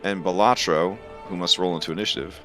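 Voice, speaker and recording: A man narrating as game master of a tabletop game, with a relaxed, hesitant delivery full of fillers. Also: low-pitched, fast talker. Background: faint music.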